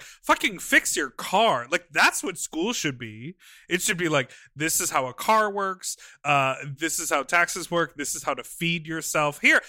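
A man co-hosting a podcast in casual chat, animated and laughing often, swearing casually as he talks. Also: a little high, no echo, clean studio sound. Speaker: podcast co-host.

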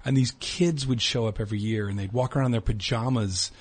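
Husky middle-aged man telling stories. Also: medium pitch, fast talker. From New Jersey. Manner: animated storyteller, acts out quoted people. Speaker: musician guest. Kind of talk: casual interview chat.

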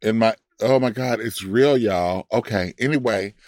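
A man co-hosting a casual podcast chat, animated and drawling, laughing often. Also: on the low side, moderate pace, dry recording, studio quality. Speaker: podcast co-host.

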